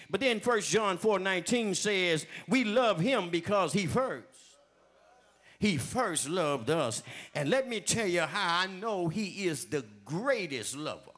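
A man preaching with a high, bright voice that swoops up and down. He takes his time, building repeated refrains into shouts as he calls out to the congregation. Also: animated, slow pace. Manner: addresses the congregation directly, calling for testimony. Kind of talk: sermon.

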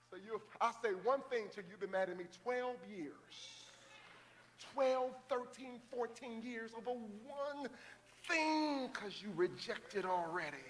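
A man preaching a sermon as pastor of a large church, building to shouted calls to the congregation. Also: high-pitched, expressive, a little slow, big-room sound, slight background noise. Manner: preaching, rising to shouted call-and-response.

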